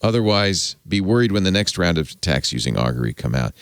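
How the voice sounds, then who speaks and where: A man's voice: sits low, very animated, quick pace, gravelly, clear, resonant tone, dry recording, clean studio sound. A man hosting a tech podcast, talking casually and rambling, often correcting himself and chuckling. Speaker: podcast host.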